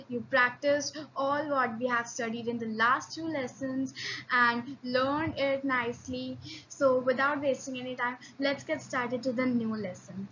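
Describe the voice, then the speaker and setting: A woman's voice: sits high, bright, forceful tone, muffled recording, slight background noise. A woman teaching a beginner language lesson, patient and encouraging, often restarting and repeating sounds for learners to copy. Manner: frequent restarts and fillers.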